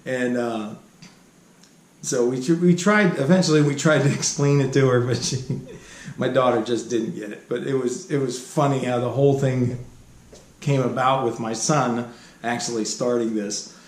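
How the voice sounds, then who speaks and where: A man's voice: medium pitch, fairly even intonation, normal speed. A middle-aged man casually telling stories from his own life, rambling with many fillers and restarts and chuckling as he goes. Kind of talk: casual spoken storytelling. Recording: roomy recording with faint background hum.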